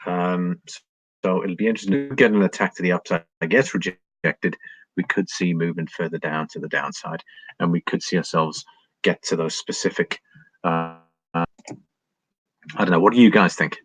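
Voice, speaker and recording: A man's voice: sits low, moderate pace, husky, no room sound, poor audio. An Englishman commentating on market charts in a casual livestream, thinking aloud with frequent ums and chatting to viewers. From England. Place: home, living in Ireland.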